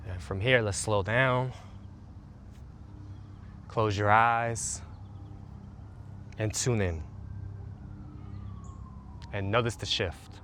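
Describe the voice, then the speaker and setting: A man guiding a stretching and relaxation routine in a slow, soothing, calm way. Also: lowish voice, a little hiss or hum. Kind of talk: guided relaxation instruction.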